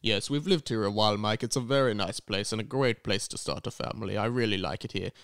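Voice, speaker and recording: A man's voice: fairly low pitch, quick pace, creaky, a bit bright, clear, resonant tone, no echo, voice pushed down. A man voicing a smug, callous old Santa Claus in an improvised comedy sketch. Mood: wistful. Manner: self-satisfied, dismissive, snaps insults.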